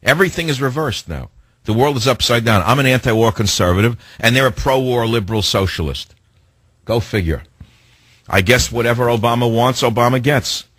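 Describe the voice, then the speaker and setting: Husky, scornful older radio host. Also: male voice, mid-range voice, a little fast, a bit bright, dry recording. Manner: impassioned, scornful, ranting. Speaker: radio talk show host. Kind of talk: talk radio monologue. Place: radio studio.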